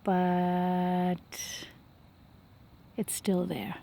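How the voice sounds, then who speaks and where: A woman's voice: lowish voice, monotone, drawn-out words, vocal fry. A woman rambling reflectively in a vlog while walking outdoors by a lake, talking into her phone and often dropping to a whisper. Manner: reflective, soft-spoken, drops to whispers. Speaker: vlogger. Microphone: phone held while walking.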